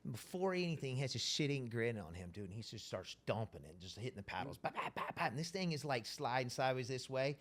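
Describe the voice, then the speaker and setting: A man telling a wild story as an interview guest, animated and profane, rambling casually. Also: medium pitch, fast, few pauses.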